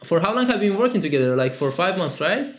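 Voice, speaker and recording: A man's voice: high voice, big pitch swings, fast, fairly bright tone. Upbeat male English teacher, echoey room. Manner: upbeat, chatty, frequent fillers. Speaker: English teacher answering student calls. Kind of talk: live lesson and call-in Q&A.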